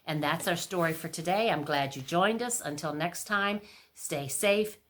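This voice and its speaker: A woman reading a storybook aloud for a library storytime, lively and expressive. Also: lowish voice, moderate pace.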